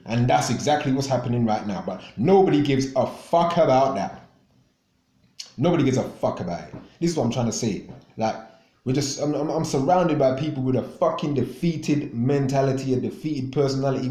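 A man's voice: mid-range voice, animated, brisk, warm tone, reverberant. A man hosting a radio show, ranting angrily with constant swearing and repeated words. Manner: angry, profane, repetitive. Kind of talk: ranting monologue.

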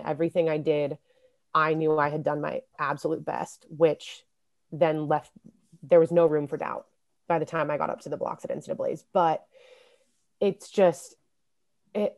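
A young adult woman, a guest on a podcast interview, telling stories in a casual, lively way and laughing often. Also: low voice. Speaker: interview guest, former college swimmer. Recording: podcast audio.

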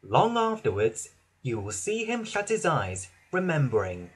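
A man reading a children's storybook aloud in an expressive, sing-song way. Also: mid-range voice, a little slow, slightly rough. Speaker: narrator.

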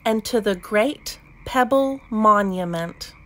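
A woman reading a children's picture book aloud, gentle and expressive. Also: medium pitch, slow. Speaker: storybook reader. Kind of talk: children's read-aloud narration.

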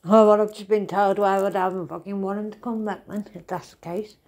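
A woman's voice: medium pitch, little pitch movement, a little fast, darkish tone. A woman giving a casual, rambling spiritual reading to camera, swearing often and calling the listener mate and darling. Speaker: tarot reader.

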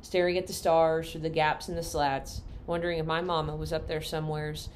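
Woman reading a novel aloud, low voice. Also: level tone, a little fast, slight background noise. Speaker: reader.

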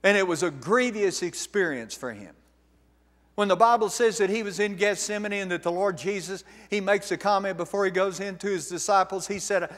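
A man's voice: high-pitched, normal speed, fairly bright tone. A man preaching a sermon as pastor, emphatic and direct, asking his congregation rhetorical questions. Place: church sanctuary. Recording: long reverb of a church hall.

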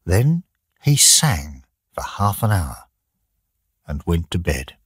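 Deep husky guy narrating a learners' audiobook, slow and lively, dry sound. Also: dry recording. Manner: slow, plain, deliberate reading for learners. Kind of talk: graded-reader audiobook narration.

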